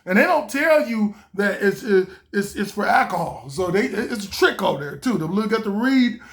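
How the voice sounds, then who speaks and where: A man's voice: high voice, moderate pace. A man from the Los Angeles area, casually telling a story in a rambling way, often saying "you know". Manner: animated, jumps into loud excited quoted voices. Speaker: vlogger.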